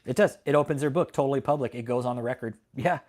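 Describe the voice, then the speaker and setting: A man's voice: medium pitch, quick pace, a little mellow. A middle-aged man from Texas, hosting an angry, profane commentary rant full of defiance and swearing. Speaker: host.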